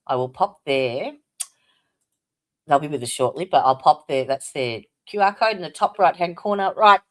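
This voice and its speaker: A woman's voice: sits low, lively intonation, normal speed, a bit bright. An Australian woman hosting a casual livestream, chatty and welcoming viewers by name, with plenty of fillers. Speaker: livestream host.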